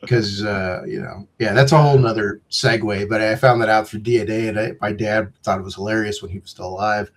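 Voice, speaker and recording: A man's voice: fairly low pitch, fairly even intonation, fairly quick, hardly any pauses. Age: 50s. Man, rambling game designer. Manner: rambling, joking, digressive. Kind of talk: casual interview chat. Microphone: video call.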